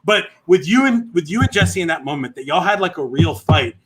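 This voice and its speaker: A man's voice: on the high side, expressive, fairly quick, fairly bright tone. A man who once played the game, talking as a podcast guest with playful, joking asides. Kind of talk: casual podcast chat.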